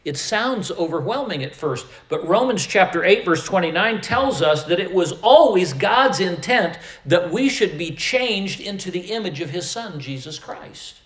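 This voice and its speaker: A man preaching a sermon at a deliberate, unhurried pace, his voice sitting a little high for a man. He swells and drops his volume for emphasis, and the room around him rings with echo. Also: expressive. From American Midwest. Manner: slow, emphatic preaching with rising and falling volume. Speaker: pastor.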